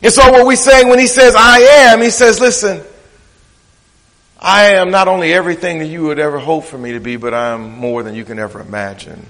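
A man's voice: a little high, fairly even intonation, fairly quick, fairly bright tone. A middle-aged man preaching a sermon emphatically, his delivery rising and falling, with a Black vernacular flavor. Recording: long hall reverb.

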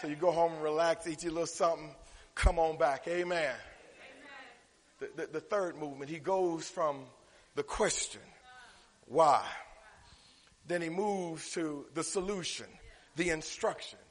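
A man preaching a sermon, calling out to the congregation and building up to shouts. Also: on the high side, measured pace, long pauses. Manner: call-and-response preaching, rising to shouts. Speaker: pastor. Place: church sanctuary. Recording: long reverb of a church hall.

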